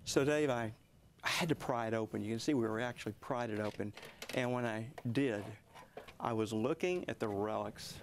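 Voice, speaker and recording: Man, 60s, gravelly, earnest storyteller, hushed asides, faint rumble. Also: normal speed. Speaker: guest author. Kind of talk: television interview.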